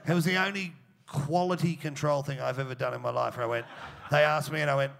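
A man's voice: a little high, fairly even intonation, quick pace, creaky, fairly bright tone. A man, a guest comedian, rambling through swearing, self-mocking stories at a live show. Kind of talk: rambling live stand-up banter. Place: live pub show with audience.

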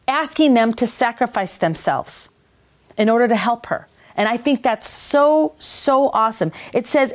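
A woman's voice: mid-range voice, animated, a little slow. A woman with a Minnesota accent hosting a faith-based talk show, speaking in an earnest, enthusiastic, preacherly way. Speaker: ministry talk show host.

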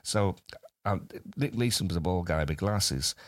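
A man's voice: low-pitched, expressive, unhurried, no room sound. A man co-hosting a comedy podcast, chatting casually and telling a rambling story. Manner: rambling storyteller, many restarts and fillers. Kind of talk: casual chat and anecdote.

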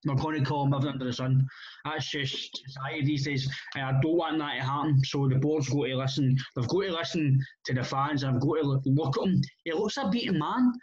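A man's voice: medium pitch, fairly quick. A Scottish man in casual football chat, blunt and rambling, swearing freely with many restarts. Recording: muffled lo-fi audio.

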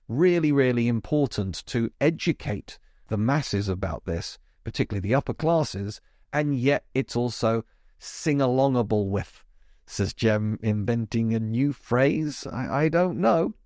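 A man's voice: mid-range voice, lively intonation, a little slow, a little mellow, no echo, clean studio sound. A man hosting a podcast, talking casually and emphatically about musicals with chatty asides. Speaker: podcast host. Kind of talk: casual chat monologue.

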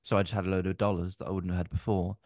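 A man's voice: sits low, no room sound, clean studio sound. A sweary young man spinning tales. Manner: animated storytelling, swearing, quick shifts to loud re-enacted quotes. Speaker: podcast co-host. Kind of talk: casual banter.

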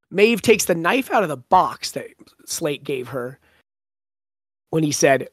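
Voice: mid-range voice, big pitch swings, takes it slowly, long pauses, no echo, clean studio sound. A podcast host in casual book discussion, retelling scenes with a laugh and quoting lines.

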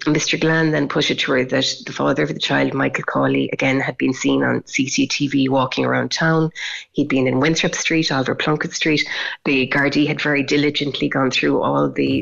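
A woman reporting live from a court case, her delivery level and even with a gravelly edge. She recounts events steadily and pauses on ums. The sound is dull and lo-fi. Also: a bass voice.

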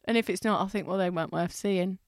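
A woman's voice: mid-range voice, steady tone, fast, creaky, no room sound. Young woman comedian, dry and teasing, recorded close and dry. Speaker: podcast co-host, comedian. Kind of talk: casual comedic banter.

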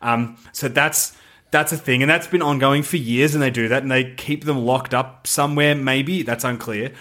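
A man, co-hosting a casual film discussion, animated and laughing as he recounts a movie's plot. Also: mid-range voice, moderate pace. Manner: animated, laughing, reads plot synopsis aloud. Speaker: podcast co-host.

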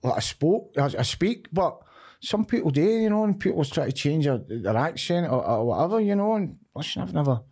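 A middle-aged man with a strong Glaswegian accent talks in a blunt, animated way. He swears freely and tells stories in a casual podcast chat. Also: on the high side, brisk, husky. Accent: Glaswegian Scottish. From Scotland. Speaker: podcast guest, former footballer.

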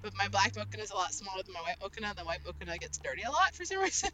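A young woman hosting a casual group chat over an online call. She talks in an excitable, rambling way and laughs often. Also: mid-range voice, rapid-fire, poor audio.

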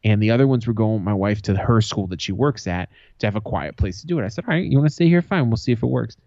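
A man's voice: lowish voice, animated, quick pace, mellow, no echo, lo-fi sound. A man in his thirties co-hosting a podcast, telling swearing, laughing stories and acting out his family's lines. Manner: swearing, laughing storyteller who acts out family quotes. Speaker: podcast co-host. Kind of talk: casual chat.

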